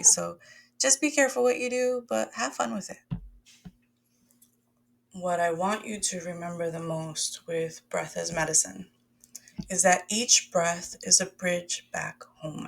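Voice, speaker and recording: Gravelly-voiced woman coaching breathwork. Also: lowish voice, fairly bright tone. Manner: encouraging, conversational, addresses listeners as "my loves" and "y'all". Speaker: somatic wellness coach. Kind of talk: guided breathwork lesson.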